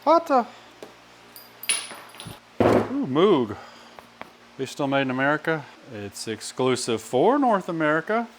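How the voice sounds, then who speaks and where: A man's voice: on the high side, huge pitch swings, moderate pace, few pauses, background noise. Wry rambling man in a garage. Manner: wry, rambling, swears casually while working. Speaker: DIY mechanic channel host. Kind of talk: casual garage work commentary. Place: home garage or shop.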